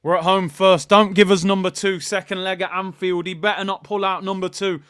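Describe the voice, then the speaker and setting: A man hosting a live football watchalong, chatting with his viewers and shouting at good news. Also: sits high, flat delivery, a little fast, few pauses, clear, resonant tone, dry recording, studio quality. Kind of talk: live fan stream chat.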